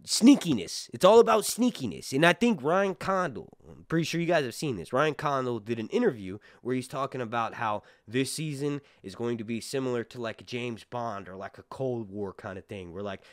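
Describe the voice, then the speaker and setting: A man's voice: medium pitch, normal speed, few pauses, no echo, studio quality. A man giving casual, rambling commentary as a show reviewer, full of fillers and restarts. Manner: rambling, many fillers and restarts, animated bursts.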